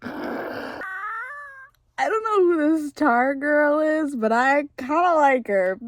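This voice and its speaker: A woman's voice: high voice, lively intonation, takes it slowly, no room sound. A young woman reacting to a book in a casual reading vlog, gushing and exasperated by turns. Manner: gushing, exasperated, laughs and rants. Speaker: book vlogger.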